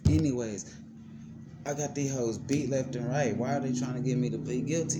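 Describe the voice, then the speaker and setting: A man vlogging, telling his own story in a heated, emphatic and profane way, his pitch swinging widely as he talks. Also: normal speed, loud music behind the voice. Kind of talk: casual storytelling to camera. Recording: clear background noise.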